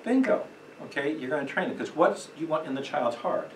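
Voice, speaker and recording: A man's voice: on the high side, expressive, brisk. A man teaching a church parenting class in an emphatic, conversational way, acting out quotes and chuckling often. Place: church meeting room. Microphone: distant room mic. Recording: echoey room, distant mic, faint noise.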